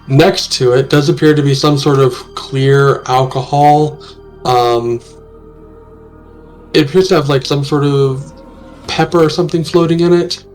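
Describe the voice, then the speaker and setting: A man's voice: fairly high pitch, steady tone, a little slow, darkish tone, soft background music. Man narrating a tabletop game. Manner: hesitant, filler-heavy narration. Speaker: game master.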